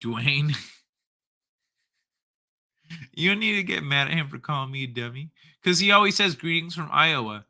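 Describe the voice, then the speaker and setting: A man hosting a casual livestream, reading viewer comments aloud in an unhurried, joking way and chuckling often. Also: a little high, animated, vocal fry, bright, forceful tone. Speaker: livestream host.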